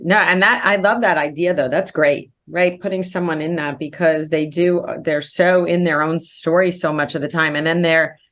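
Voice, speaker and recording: Chatty nutritionist woman, low voice. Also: steady tone, normal speed, hardly any pauses, a bit bright. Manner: chatty, with frequent "right?" tags. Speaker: nutritionist guest. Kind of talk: casual interview conversation.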